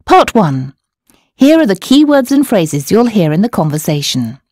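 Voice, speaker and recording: A woman narrating a scripted language course, explaining words and tones in a clear, measured way. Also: medium pitch, big pitch swings, darkish tone, no room sound. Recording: dry studio voice-over.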